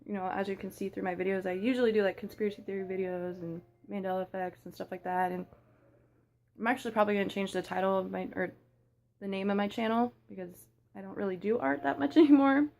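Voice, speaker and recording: Una joven adulta charla de forma casual y divagante mientras come, grabándose con el teléfono, con muchas muletillas. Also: female voice, medium pitch, steady tone, quick pace, gravelly, a little mellow. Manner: rambly, chatty, full of fillers. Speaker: small YouTuber. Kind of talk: casual rambling chat while eating. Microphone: phone.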